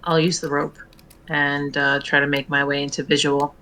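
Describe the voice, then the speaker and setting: A woman playing a tabletop game online, hesitant and filling pauses with ums. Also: low voice, flat delivery, pushed and bright. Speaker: player.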